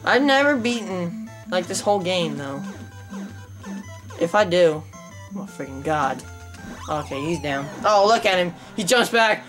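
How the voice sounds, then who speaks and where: A young woman giving casual gameplay commentary on her channel, excitable and trash-talking the opponents. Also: mid-range voice, measured pace, soft background music. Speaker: gaming channel host.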